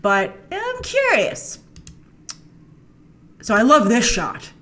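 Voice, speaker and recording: Slow-paced and fairly bright, her slightly high voice swoops wildly in pitch as she reviews a film trailer on her show. The chatty, playful breakdown is full of asides as she thinks aloud.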